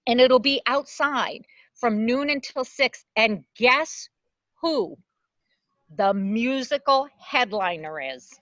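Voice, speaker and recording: A woman's voice: fairly high pitch, expressive, takes it slowly, fairly bright tone, no room sound, highs cut off. A woman co-hosting a local public access talk show, chatting in a playful, upbeat way. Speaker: co-host. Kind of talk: casual chat.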